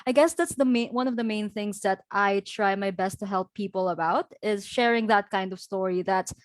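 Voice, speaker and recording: A woman's voice: medium pitch, normal speed, dry recording. A young woman from the Philippines, a guest speaker chatting casually in an interview, full of fillers and light laughs. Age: young adult. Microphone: video call.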